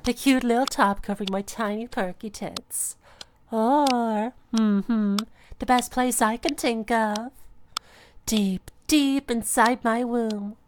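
A young woman voicing a submissive, adoring catgirl pet in an intimate audio role-play, breathy and pleading. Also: on the high side, slow pace, a little hiss or hum. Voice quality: breathy, sighing. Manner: pleading, devoted.

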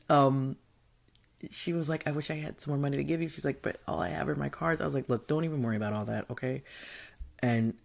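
A man's voice: fairly high pitch, vocal fry. Chatty man telling a wild story. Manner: animated, laughing, swearing, acting out quoted voices. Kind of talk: casual anecdote.

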